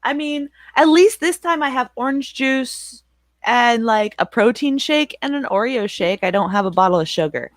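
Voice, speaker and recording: A woman's voice: fairly high pitch, moderate pace, no echo. Young woman streamer, chatty and laughing a lot, dry close mic. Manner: chatty, laughs often, animated storyteller. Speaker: streamer and channel moderator. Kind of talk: casual livestream chat.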